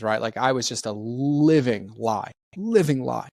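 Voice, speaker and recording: A man's voice: mid-range voice, a little fast, few pauses, no echo. A middle-aged man, a personal development trainer, telling a candid story as a podcast guest and animatedly acting out quoted dialogue.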